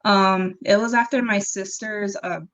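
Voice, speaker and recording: A woman's voice: medium pitch, measured pace, dull audio. Chatty young woman telling ghost stories. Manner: animated, acts out quoted dialogue, frequent ums and laughs. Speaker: interview guest. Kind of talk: casual storytelling conversation.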